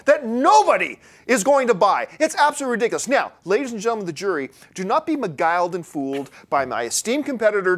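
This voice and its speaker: A man argues his side in a mock courtroom debate, playing lawyer to a jury. His delivery is theatrical and mocking, and his pitch swoops widely as he builds his case.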